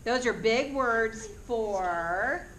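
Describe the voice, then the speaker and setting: Woman presenter for a school group, lively, asks the kids questions; higher voice, echoey room, heard from a distance. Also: drawn-out words. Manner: animated, asks the children questions. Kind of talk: speaking to a class of students. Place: school classroom. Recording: echoey classroom from far off.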